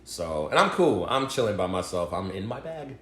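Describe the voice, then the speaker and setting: Male co-host, slangy and profane, pitch swinging widely; echoey room sound. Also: normal speed. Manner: expressive, slangy, swears a lot. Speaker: podcast co-host. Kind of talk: casual podcast chat. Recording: roomy echo.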